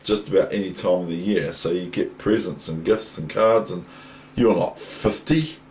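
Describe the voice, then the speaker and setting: A man's voice: low voice, moderate pace, darkish tone, a little hiss or hum, rough recording. An older man with a New Zealand accent, a chess teacher rambling casually and chatting to his toys with many ums. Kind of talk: casual vlog chat.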